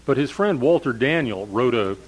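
A man's voice: mid-range voice, lively intonation, moderate pace, husky, poor audio. An older man, a professor of English literature, giving a discursive storytelling lecture with frequent fillers.

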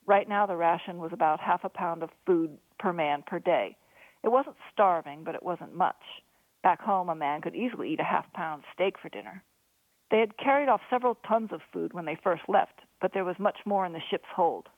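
Female author-narrator, steady storytelling, thin phone-like dry sound. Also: lowish voice, normal speed, dry recording. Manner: steady storytelling, lively voices for dialogue. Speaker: author reading her own novel. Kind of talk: audiobook narration.

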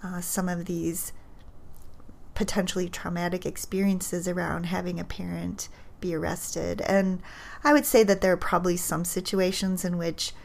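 A woman who is a child psychologist, explaining research findings in a thoughtful, measured way, with fillers and restarts. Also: lowish voice, little pitch movement, vocal fry, a little mellow.

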